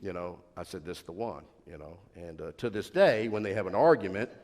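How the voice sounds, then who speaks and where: A man's voice: deep voice, sing-song, a little fast, a little mellow. A middle-aged man, a pastor, preaching from the front of a church and rambling through family stories with repeats, restarts and laughs. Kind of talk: anecdotal sermon. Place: church sanctuary. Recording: long church reverb.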